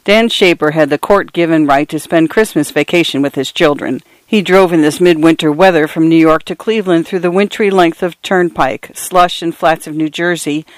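Lady reading a short story for radio, steady and clear, dry close sound. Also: sits low, normal speed, few pauses, dry recording. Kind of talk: scripted narration of short stories.

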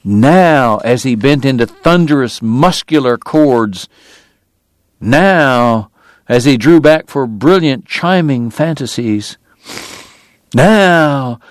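A man reading a novel aloud as a measured, dramatic audiobook narrator. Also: mid-range voice, expressive, no echo, studio quality. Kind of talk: scripted narration.

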